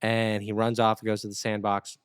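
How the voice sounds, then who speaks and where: Man telling an animated story on a podcast. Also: fairly low pitch, fairly quick, clear, resonant tone, no room sound, studio quality. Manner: animated storyteller, acts out quotes. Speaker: podcast regular. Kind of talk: casual storytelling chat.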